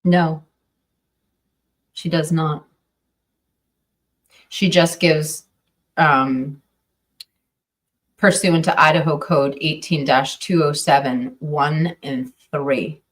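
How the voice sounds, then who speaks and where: A woman's voice: deep voice, fairly even intonation, extremely slow, long pauses, far from the mic. A woman commenting casually on a livestream, hesitant and full of fillers and restarts. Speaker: true crime streamer.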